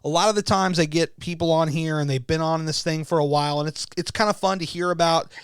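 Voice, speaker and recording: A man hosting a podcast in casual chat, enthusiastic and quick to laugh, sometimes tripping over his words. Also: fairly high pitch, steady tone, clean tone, dry recording, clean studio sound. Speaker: podcast host.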